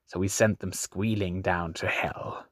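A man's voice: low voice, steady tone, a little slow, fairly bright tone, dry recording, clean studio sound. A man doing a jeering pirate captain who oinks. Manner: jeering, grunting pig noises. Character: mocking brutal male pirate captain.

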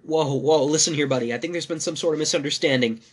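A man voicing a nervous, defensive male lover, a little higher than his own voice. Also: fast, breathy edge.

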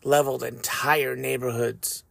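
A man hosting a faith podcast, reading scripture and speaking in an earnest, measured, reflective way. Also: medium pitch, little pitch movement, vocal fry, fairly bright tone, dry recording. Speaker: podcast host.

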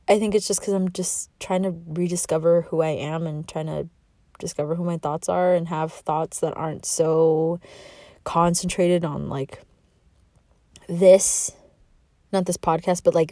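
Young woman podcast host, rambling and heartfelt, mellow lowish voice, dry close sound. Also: no echo. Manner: rambling, heartfelt, self-reflective, with laughs. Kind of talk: candid solo podcast monologue.

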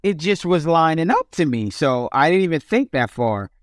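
A man's voice: on the high side, very animated, normal speed, no room sound, studio quality. A young man casually telling his life story as an interview guest, loose and rambling with many restarts.

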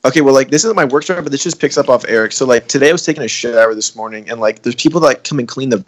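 A man's voice: mid-range voice, very fast. A young man chatting casually with friends, rambling with lots of filler words and swearing. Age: young adult. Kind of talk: casual podcast chat among friends.

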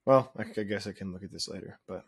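A man co-hosting a casual podcast, quick-witted and teasing. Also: on the low side, breathy edge. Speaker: podcast co-host. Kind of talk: casual chat.

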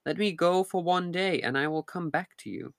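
A man's voice: on the high side, moderate pace, creaky, no room sound, studio quality, voice pushed up. A man reading the lines of a dutiful young fisherman in a storybook, in formal, polite speech. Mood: pleading, polite.

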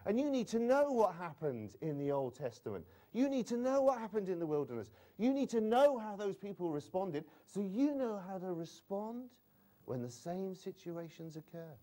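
A man in his forties preaching a sermon in a conversational way, often adding "you know" and stumbling into restarts. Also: fairly high pitch. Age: 40s. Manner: stammers into restarts, wide swings in loudness.

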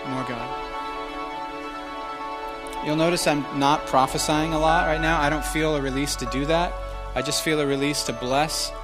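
Pastor guy praying in church, fervent and repetitive, kinda hushed, faint music under it. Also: on the high side, steady tone, normal speed. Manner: fervent repeated pleading, soft and hushed at times. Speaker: pastor leading prayer. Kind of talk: prayer ministry in church. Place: church sanctuary.

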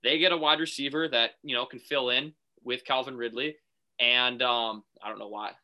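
A man co-hosting a casual sports talk show, telling a made-up phone call with animated put-on voices. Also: medium pitch, moderate pace. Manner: animated storyteller, acts out phone calls. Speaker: podcast co-host.

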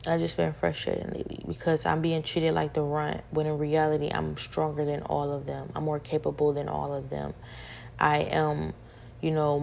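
A woman's voice: low voice, gravelly, mellow, a little hiss or hum. A young woman venting her frustration in a monologue, repeating each point several times.

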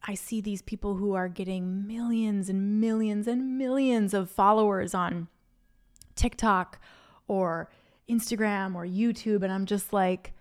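A woman's voice: mid-range voice, unhurried. A woman hosting her own podcast, talking solo into a microphone in an earnest, faith-filled, rambling stream of consciousness. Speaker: podcast host. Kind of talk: unscripted solo podcast reflection. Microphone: studio microphone.

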